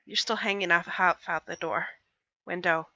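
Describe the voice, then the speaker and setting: Woman, game master, tabletop role-play, bright tone, dry close sound, playful. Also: lowish voice, fairly even intonation, moderate pace, no echo, highs cut off. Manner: laughs often, playful.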